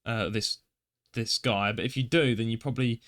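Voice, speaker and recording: A man co-hosting a casual podcast, talking in a chatty, meandering way full of fillers and restarts. His pitch sits in an ordinary middle range. He sometimes reads a news article aloud between his own remarks. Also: steady tone, normal speed, a bit bright. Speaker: podcast co-host.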